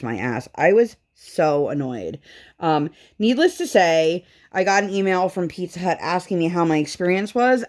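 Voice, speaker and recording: Thirtysomething woman rambling through a story at her craft desk, lowish voice, lots of "like". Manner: animated storytelling, acts out dialogue with big pitch jumps. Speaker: craft vlogger. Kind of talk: casual chat while crafting.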